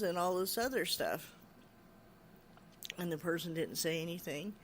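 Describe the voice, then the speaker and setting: A podcast host retelling a spooky story in loose, chatty fashion, leaning on fillers and acting out the people in it. The voice sits at a middling pitch. Faint noise hums behind it. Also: unhurried. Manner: chatty storytelling, frequent "she's like" and "you know"; animated when quoting others, raising voice. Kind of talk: casual retelling of a ghost story.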